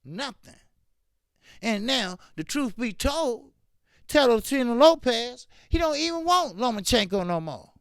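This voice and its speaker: A man's voice: extremely high pitch, animated, measured pace, fairly bright tone, clear, resonant tone, no echo, studio quality. A man hosting a boxing talk stream, ranting fiercely with lots of repetition and profanity while greeting his chat. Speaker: boxing talk show host. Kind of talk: live-stream commentary, reading chat.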